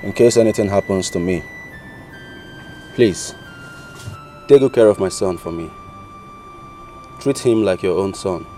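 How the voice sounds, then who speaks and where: A man's voice: low-pitched, a little slow, pauses often, warm tone, distant mic, faint music behind. An actor with a Nigerian accent playing a husband who earnestly asks his brother to care for his son, in a Nollywood film drama. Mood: solemn. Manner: solemn, earnest. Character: husband fearing death, entrusting his son.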